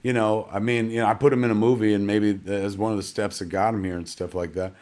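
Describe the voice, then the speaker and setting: A man's voice: lowish voice, fairly even intonation, fast, a little mellow. Rambling, self-mocking man hosting. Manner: chatty, rambling, self-deprecating, peppered with "man" and "kids". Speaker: host. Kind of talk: casual live-stream hosting.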